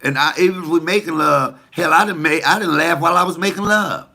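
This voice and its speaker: A man's voice: fairly high pitch, fast talker, sharp tone. A comedian talking casually to the camera, blunt, profane and preachy as he tells stories and gives advice.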